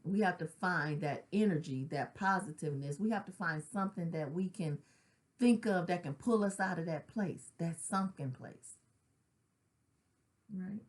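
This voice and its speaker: A middle-aged woman speaking earnestly about grief in a conversational, personal way, with casual slang and frequent "right?" check-ins. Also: fairly low pitch. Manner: conversational, tag questions like "right?". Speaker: grief counselor sharing her own loss. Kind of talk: personal spoken reflection.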